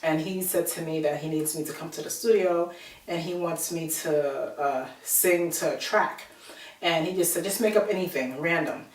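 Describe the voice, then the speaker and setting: A woman telling a personal story to her viewers in a chatty, animated way, acting out the people she quotes. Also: deep voice, moderate pace. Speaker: vlogger. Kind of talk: casual storytelling to camera. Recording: roomy echo, from a distance.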